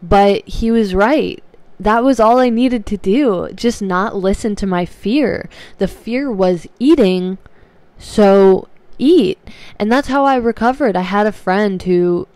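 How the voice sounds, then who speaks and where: A young woman vlogger talking earnestly and reflectively to camera, slow and searching, with frequent restarts. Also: medium pitch, mellow, no room sound. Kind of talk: personal talk to camera.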